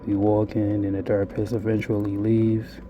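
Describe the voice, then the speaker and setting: A man's voice: on the low side, completely flat delivery, normal speed, lo-fi sound, noisy background. A man telling a blunt, profane, rambling confessional monologue to his viewers. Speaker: vlogger.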